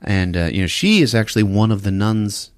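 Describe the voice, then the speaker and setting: A man hosting a podcast who recaps a horror film in casual chat, telling it as an animated storyteller. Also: fairly low pitch, brisk, no echo, studio quality. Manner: animated storyteller, laughing often. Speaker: podcast host.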